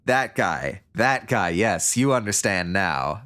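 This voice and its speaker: A man's voice: on the low side, expressive, takes it slowly, few pauses, a bit bright, clear, resonant tone. A man livestreaming a story game, reading it aloud and joking along in a rambling, casual way. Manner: joking, rambling, with frequent laughs. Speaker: streamer.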